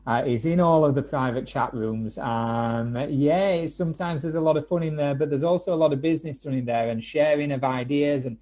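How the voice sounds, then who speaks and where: A man's voice: on the high side, fairly quick, hardly any pauses, a little mellow, muffled recording. Encouraging man on a video call. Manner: friendly, encouraging, says buddy and brother. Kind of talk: casual chat.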